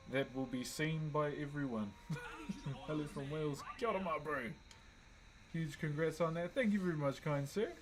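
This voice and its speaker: A man's voice: a little high, a little hiss or hum, poor audio. Laid-back New Zealand man chatting on stream. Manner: laid-back, greets chat viewers by name. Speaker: livestream host. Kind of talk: casual livestream chat while wood carving.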